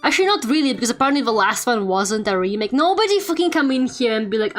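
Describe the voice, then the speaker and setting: Chatty young woman streamer, soft music. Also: on the high side, lively intonation, fast, hardly any pauses. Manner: chatty, lots of fillers, playful rants. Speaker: streamer and artist. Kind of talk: casual chat while drawing on stream. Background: quiet game music playing.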